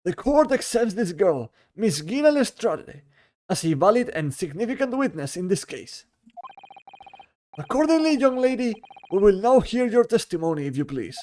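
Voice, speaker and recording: Man doing a slow pompous old judge. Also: high-pitched, sing-song, darkish tone, slight background noise, voice pushed up. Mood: formal. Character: stern elderly male courtroom judge.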